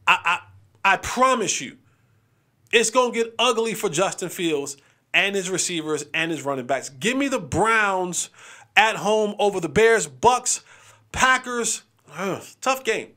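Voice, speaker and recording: A man with a high, bright, forceful voice hosts a sports show. He runs through his game picks in a loose, playful chat. He stacks up repeated lines to drive each pick home. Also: a little slow. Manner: animated and playful, repeats phrases for emphasis.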